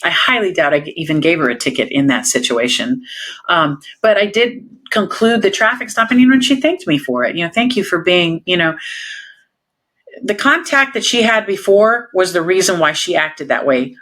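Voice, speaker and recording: A woman's voice: fairly low pitch, lively intonation, normal speed, a bit bright. A woman police officer, a guest in an interview, telling her stories in a candid and emphatic way and laughing often.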